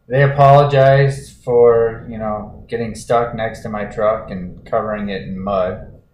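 A man's voice: fairly low pitch, a little mellow. Laid-back man in an echoey room. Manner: laid-back, rambling with fillers. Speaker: podcast co-host. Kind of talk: casual chat. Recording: roomy echo, faint noise.

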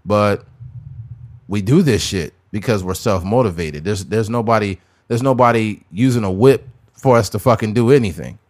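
A man co-hosting a podcast, talking in an animated way, joking and swearing freely. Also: fairly low pitch, moderate pace. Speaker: podcast co-host. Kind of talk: casual chat.

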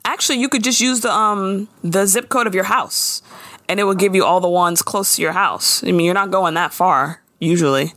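A podcast co-host recaps a show in a casual conversation, animated, laughing, and full of slang. Her medium-pitched voice moves at a moderate pace in a dry recording.

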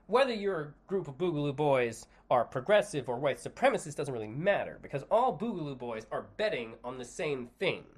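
Podcast host, male, sarcastic profane solo ranter, pitch jumping all over. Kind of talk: solo opinion rant.

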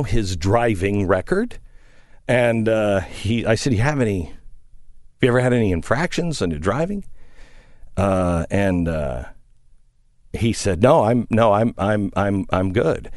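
A man's voice: on the low side, no room sound, studio quality. A middle-aged man hosting a talk show, telling a story and acting out the people in it. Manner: animated storyteller, acts out the people in his story. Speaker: radio talk show host. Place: studio away from home.

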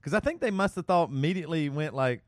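A man co-hosting a casual podcast, telling stories with lively laughter. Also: on the high side, fast, dry recording, clean studio sound. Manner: lively storyteller who laughs as he talks. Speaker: podcast co-host. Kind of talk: casual chat.

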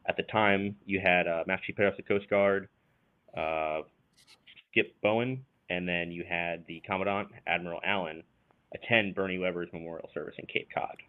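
A man talking as a podcast guest in an earnest, measured way. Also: deep voice, fairly even intonation. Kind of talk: casual chat and prepared explanation. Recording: tinny phone line.

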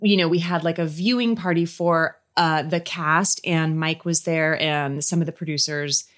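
A woman's voice: low voice, fairly even intonation, moderate pace. A woman talking casually as an interview guest, gushing and restarting her sentences often. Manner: chatty, gushing, many restarts and fillers. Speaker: actress and guest. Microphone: podcast microphone.

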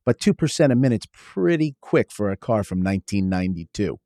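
A man as an interview guest, eagerly explaining in quick lists and acting out stories from his shop. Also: lowish voice, very animated, warm tone, no room sound, clean studio sound. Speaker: guest, company founder. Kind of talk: interview conversation.

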